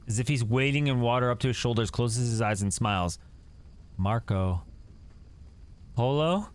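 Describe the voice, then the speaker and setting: A man reading a text adventure aloud and breaking in with jumpy, excitable reactions. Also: on the low side. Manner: reads story text then reacts with jumpy, excitable commentary. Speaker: gaming YouTuber.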